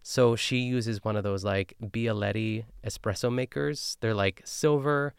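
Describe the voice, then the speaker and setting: A man with a low, smooth voice talks casually as a podcast host, recapping a cooking episode. He rambles with lots of fillers and animated asides. The recording is dry and close. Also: unhurried, dry recording. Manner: chatty, filler-heavy, animated.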